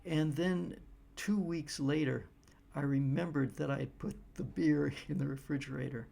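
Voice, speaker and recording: Gravelly-voiced American man, rambling commentary. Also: a little high, moderate pace, dark tone. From United States. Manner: rambling, with frequent fillers and restarts. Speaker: political commentator. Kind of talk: casual political monologue.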